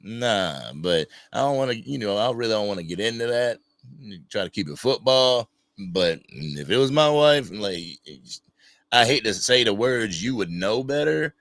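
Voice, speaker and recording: A man's voice: on the low side, normal speed, no room sound. A man hosting an unscripted fan livestream, talking casually and greeting viewers from the chat. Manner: casual, animated, reads chat names aloud. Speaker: livestream host.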